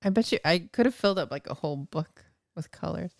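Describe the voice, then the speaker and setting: Giggly gravelly-voiced woman podcaster. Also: fairly low pitch, lively intonation, fast talker, dry recording, studio quality. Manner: giggly, laughs often between words. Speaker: podcast co-host. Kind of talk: casual chat.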